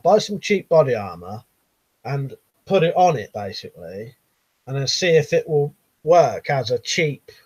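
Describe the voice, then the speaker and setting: A man's voice: medium pitch, a little mellow, no echo, low-quality recording. A man with a Southern English accent hosting a casual live stream, reading viewers' comments aloud with frequent laughs and casual swearing. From Buckinghamshire, England.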